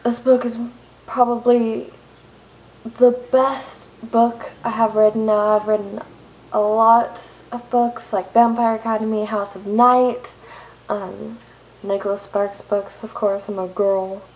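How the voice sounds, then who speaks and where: A young woman vlogger ranting angrily to her camera, fast and exasperated with sudden outbursts. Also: on the high side, level tone, darkish tone, poor audio. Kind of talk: angry rant to camera.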